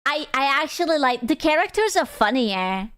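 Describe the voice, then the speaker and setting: A woman's voice: high voice, big pitch swings, normal speed, fairly bright tone. A young adult woman streamer in casual livestream chat, playful, crude and giggly.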